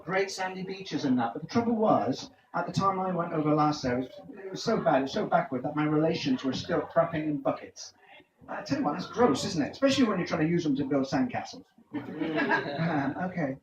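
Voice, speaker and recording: Lively stand-up comic in an echoey room. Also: male voice, on the high side, a little fast, dull audio, crowd noise. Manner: punchy joke-telling, quizzes the audience. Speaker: stand-up comedian. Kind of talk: stand-up comedy set. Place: live comedy venue. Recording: echoey, distant, noisy room recording.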